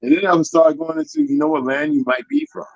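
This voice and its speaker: A man's voice: extremely high pitch, sing-song, quick pace, gravelly, no room sound, lo-fi sound. A man lecturing in a casual talk-show chat, full of his own theories. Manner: lecturing, talks about himself as a linguist. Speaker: guest.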